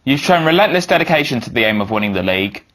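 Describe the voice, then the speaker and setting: A man's voice: medium pitch, big pitch swings, quick pace, fairly bright tone. A man voicing a probing male sports press interviewer who asks matter-of-fact questions.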